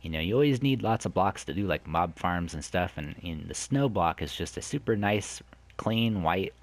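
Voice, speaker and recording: Lively low-voiced man narrating gameplay. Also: normal speed. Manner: excitable, exclaims loudly at surprises; rambling, chatty asides to viewers. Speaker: let's play host. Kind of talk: gameplay commentary.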